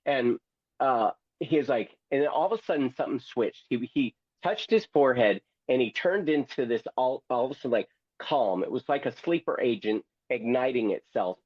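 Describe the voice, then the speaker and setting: A man's voice: mid-range voice, animated, normal speed, husky, dry recording, dull audio. A man who is a guest and memoir author, telling a story theatrically and with humor, acting out other people's voices. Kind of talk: storytelling, reading from his memoir.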